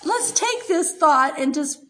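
An older woman preaches with a notably high voice, telling a personal testimony with feeling. She laughs often as she speaks and turns tearful in places, in an earnest church-sermon manner. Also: lively intonation, slow pace, bright, forceful tone, rough recording. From United States.

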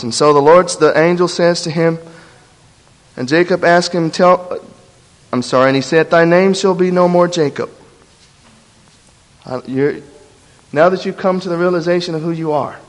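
High-voiced preacher in a reverberant church. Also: male voice. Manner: impassioned, drops low and soft for quoted confessions. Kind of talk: sermon.

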